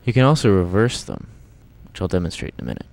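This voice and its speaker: A man's voice: low-pitched, very animated, fast talker, creaky. A man casually demonstrating computer sound samples on an old home video, talking in offhand, rambling asides that trail off. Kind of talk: casual demo commentary. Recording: old home video with loud music behind.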